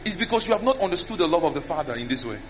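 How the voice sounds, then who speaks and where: A high-pitched man delivers a lively sermon into a handheld mic. He acts out prayers and repeats words for emphasis. The recording is dull and lo-fi, with faint music behind him. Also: very fast. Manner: animated, mimics tongues and prayers, repeats words. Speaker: preacher.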